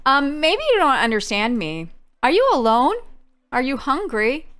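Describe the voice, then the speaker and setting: A woman voicing a kind young island girl, reading game dialogue in a gentle, coaxing way. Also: high-pitched, sing-song, a little slow, voice pushed up, heavily acted.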